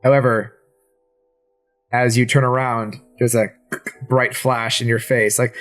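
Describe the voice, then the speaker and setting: A man's voice: mid-range voice, little pitch movement, unhurried, long pauses, a bit bright, soft background music. Man narrating as game master. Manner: descriptive, dramatic narration.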